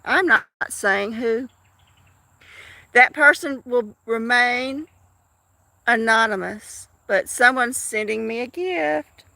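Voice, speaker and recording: A woman in her fifties hosts her own live stream, talking to viewers in a loose, rambling way. Her voice sits high and has a gravelly fry. It has a bright, sharp edge, recorded dry and close. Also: slow pace, no room sound. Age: 50s. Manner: rambling, chatty, with frequent restarts and laughs. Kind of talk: casual live stream chat.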